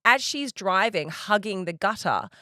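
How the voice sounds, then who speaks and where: Woman, podcast co-host, animated storyteller who laughs mid-tale, dry close sound. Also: mid-range voice, unhurried, no room sound. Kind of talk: casual chat, storytelling.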